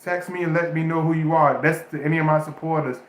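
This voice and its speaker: A man talking to his livestream viewers in a fairly high but flat voice, earnest and emotional, often stumbling and restarting his sentences. The sound is picked up on a phone or webcam in an echoey room at home. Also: quick pace. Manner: emotional, repetitive, restarts phrases, addresses viewers as y'all. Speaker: spiritual advice streamer. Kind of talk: casual livestream talk.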